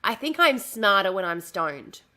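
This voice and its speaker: Bright-voiced woman chatting on a livestream. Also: mid-range voice, sing-song, measured pace. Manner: rambling, easily distracted, swears freely; talks while showing a dress she is sewing. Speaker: streamer. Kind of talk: casual livestream chat.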